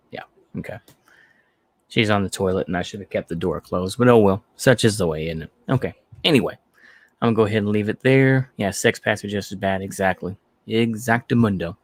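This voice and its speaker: A man's voice: fairly low pitch, normal speed, no room sound. Rambling American man on a livestream. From United States. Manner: rambling, repeats himself, trails off into fillers. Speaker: livestream host. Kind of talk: casual livestream chat.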